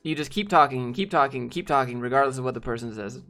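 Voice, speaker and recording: A streamer chats casually and bluntly with his viewers, rambling with fillers and the occasional swear word. His mid-range voice is fast and fairly bright, and soft music plays in the background. It's relaxed live-stream banter.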